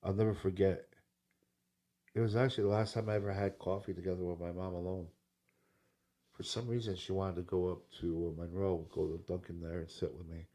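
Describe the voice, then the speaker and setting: A man in candid podcast conversation, earnest and reflective, going quiet when the subject turns heavy. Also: sits low, flat delivery, a little fast.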